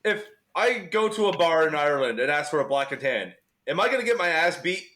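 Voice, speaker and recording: A man's voice: fairly high pitch, sing-song, a little fast, fairly bright tone. Man telling crude stories. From Canada. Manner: laughing, profane storytelling. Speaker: podcast co-host. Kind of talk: casual podcast chat.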